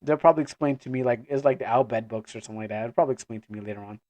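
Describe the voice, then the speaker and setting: A man's voice: medium pitch, racing, a little mellow. A man casually chatting between lines while he reads a comic aloud, rambling and often cutting himself off. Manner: rambling, self-interrupting, laughs often. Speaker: comic reader and dubber.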